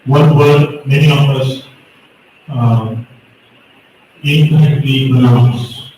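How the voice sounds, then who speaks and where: A speech-competition judge in a school hall speaks slowly as he explains pronunciation rules and corrects students. His voice is mid-range and darkish. The echoey recording was made from a distance and carries a little hiss or hum.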